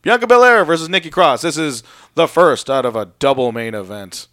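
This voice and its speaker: A man's voice: a little high, expressive, fairly quick, pushed and bright, dry recording. A young man co-hosting a casual chat show, recapping match action play by play in a dry, joking way. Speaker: podcast co-host recapping wrestling.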